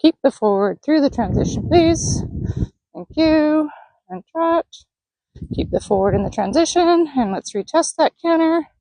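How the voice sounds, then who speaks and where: A woman training a horse on the lunge line, calmly explaining each step and praising the horse. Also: high voice, unhurried, no room sound, rough recording. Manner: calm coaching, talking to the horse. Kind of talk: narrated lunging session. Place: outdoor arena.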